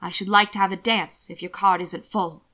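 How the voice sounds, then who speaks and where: A woman's voice: medium pitch, fairly even intonation, normal speed, bright, forceful tone. Woman playing a brash, cocky young royal.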